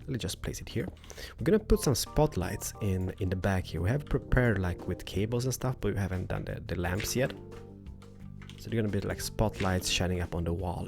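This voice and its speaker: A young man hosting a casual building tutorial, rambling playfully with loud bursts and a voice that is wearing thin. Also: deep voice, expressive, fairly quick, gravelly. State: losing his voice. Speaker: host. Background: background music.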